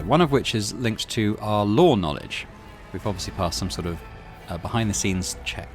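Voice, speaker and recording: A man's voice: fairly low pitch, normal speed, faint music behind. A man hosting a game let's play, reading the text aloud with wry, chatty asides.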